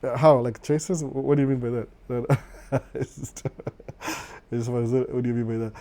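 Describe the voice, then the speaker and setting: A middle-aged Kenyan live streamer reads out viewer comments at a moderate pace, moving between English and Swahili. His medium-pitched voice is dark and fairly flat, and he chuckles frequently while saying "no, no."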